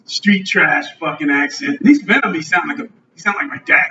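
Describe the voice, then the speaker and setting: A man hosting a live podcast on a club stage, joking loudly and swearing a lot. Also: on the high side, big pitch swings, fairly quick, noisy background. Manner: loud, profane, joking. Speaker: podcast host. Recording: roomy lo-fi live venue recording from a distance.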